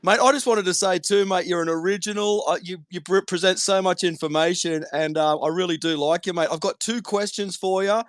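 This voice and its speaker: A man's voice: high voice, brisk, few pauses, no room sound, clean studio sound. A man with an Australian accent calling in to an audio chat, earnest and insistent, tossing in "mate" every few words. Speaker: caller. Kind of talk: call-in debate on a live audio room.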